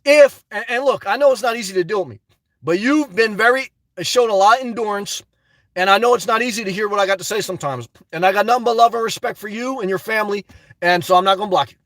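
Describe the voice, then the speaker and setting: A man live-streaming, chatting to viewers in a high-energy, effusive way as he answers their messages. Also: fast talker, a bit bright, no echo. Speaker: live streamer reading chat and donations. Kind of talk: casual live-stream chat.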